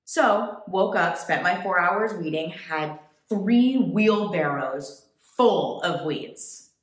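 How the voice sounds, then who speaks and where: A woman from the United States, a travel vlogger, telling a story to camera in a chatty, animated way. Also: on the low side, takes it slowly, roomy sound. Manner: chatty, animated, quotes people in put-on voices.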